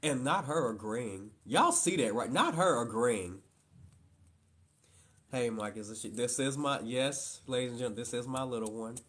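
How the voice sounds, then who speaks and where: A man's voice: medium pitch, expressive, moderate pace, fairly bright tone. A man hosting a casual live stream, a father who talks in a playful, teasing way and turns to his viewers as "y'all".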